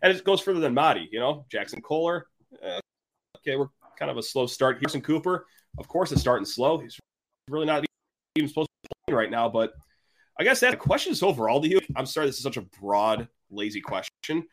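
A man's voice: medium pitch, big pitch swings, fairly quick, a bit bright. A young man hosting a sports podcast, chatting casually in a jokey, self-deprecating way. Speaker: podcast host.

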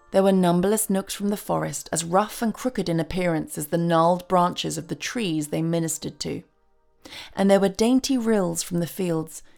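A woman narrating a storybook in a steady, measured reading voice. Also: lowish voice, gravelly.

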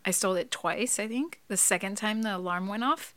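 Bright-voiced woman chatting casually. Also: medium pitch, dry recording. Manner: reactive, teasing, quick interjections. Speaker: podcast co-host. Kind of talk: casual chat.

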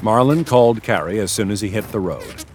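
A man reading audiobook narration in a measured storytelling manner. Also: fairly low pitch, animated, soft background music.

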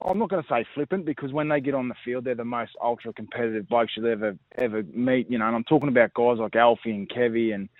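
Australian bloke on a tinny phone line. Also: male voice, medium pitch, fast talker, few pauses, no room sound. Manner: blokey, laughing storyteller, says mate a lot. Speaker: former player guest. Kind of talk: casual radio chat.

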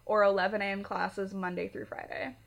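A woman's voice: mid-range voice, level tone, fairly quick, gravelly. A woman in her twenties, from Canada, co-hosting a casual podcast, chatty with many fillers and frequent laughter. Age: 20s. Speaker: podcast co-host.

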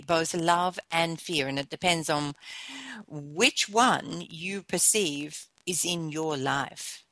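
A woman hosting a motivational talk show, speaking with conversational asides and gentle encouragement. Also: medium pitch, dry recording. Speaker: show host.

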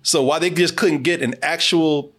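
Male podcast host, slightly high voice, animated and joking, swears freely while riffing on a film. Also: moderate pace. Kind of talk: casual movie commentary.

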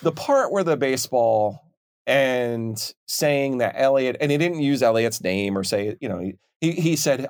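A man's voice: mid-range voice, lively intonation, unhurried, darkish tone, no room sound, clean studio sound. Man hosting a sports podcast. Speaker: podcast host. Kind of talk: casual podcast conversation.

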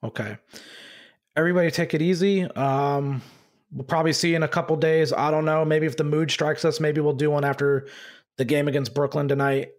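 A man hosting a basketball podcast, talking in an angry, halting way with many fillers and restarts. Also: on the high side, fairly even intonation. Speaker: podcast host. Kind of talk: casual podcast talk.

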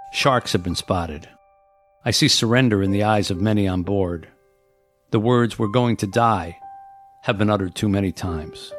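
A male author reads the opening of his novel aloud, then explains its premise in an earnest, measured storytelling way. His voice sits on the low side.

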